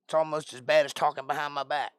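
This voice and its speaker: A man's voice: fairly high pitch, flat delivery, quick pace, fairly bright tone, smooth, no echo, studio quality. A man with a Georgia Southern accent hosting a casual livestream, reading chat comments aloud and answering with wry, joking banter. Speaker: livestream host and Bible teacher.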